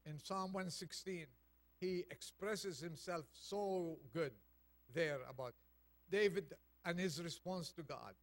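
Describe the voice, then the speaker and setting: A man preaches a Thanksgiving sermon in a slightly raised, gravelly voice, taking his time with every phrase. He reads a poem gently and near-hushed, then lifts into an urgent, stirring call. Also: fairly high pitch, takes it slowly, no room sound. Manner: reads a poem aloud softly, then preaches with rising intensity.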